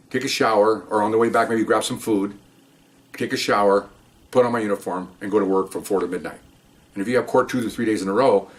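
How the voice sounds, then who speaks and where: An older man, a police officer, telling rambling stories in casual chat and often checking in with "okay?". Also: on the low side. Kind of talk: casual storytelling.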